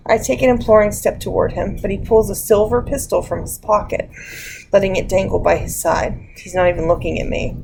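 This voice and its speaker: A woman narrating an audiobook in a measured, dramatic way. Her voice has a creaky, gravelly texture at a middle pitch. Faint noise sits underneath. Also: fairly even intonation, a little mellow, rough recording. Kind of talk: scripted narration.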